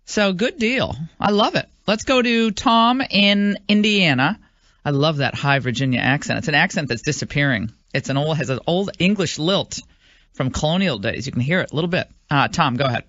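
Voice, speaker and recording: Bright, chatty woman radio host. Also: deep voice, normal speed, dry recording, lo-fi sound. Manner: chatty, emphatic, with frequent fillers. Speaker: radio talk show host. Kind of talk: casual talk radio. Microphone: studio microphone.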